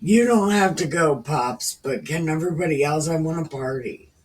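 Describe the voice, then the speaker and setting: A woman's voice: sits low, moderate pace, lightly acted. A woman doing a brash scheming young prince. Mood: pushy. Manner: pushy, slangy, profane. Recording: distant from the mic.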